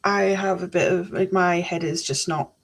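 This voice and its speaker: A woman's voice: on the low side, steady tone, normal speed. A woman chatting casually on a live stream, reading out chat messages while she builds a model kit at her desk.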